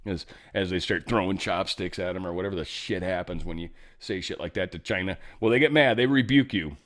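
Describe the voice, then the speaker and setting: This middle-aged host of a laid-back political news show has a low-pitched, slightly bright voice and talks a little fast. Sarcastic and meandering, he swears freely while responding to the news.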